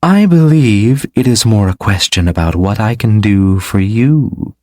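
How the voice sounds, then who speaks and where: A man voicing a mysterious, alluring woman who speaks slowly and sweetly with a mocking edge. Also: medium pitch, lively intonation, a little mellow, no echo, studio quality, pitched above the performer's own voice. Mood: teasing, sly.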